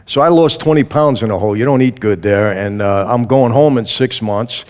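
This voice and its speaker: Lively man telling a story in a reverberant room. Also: mid-range voice, moderate pace, clean tone. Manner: lively storyteller who acts out quoted dialogue. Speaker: interview guest. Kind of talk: storytelling testimony.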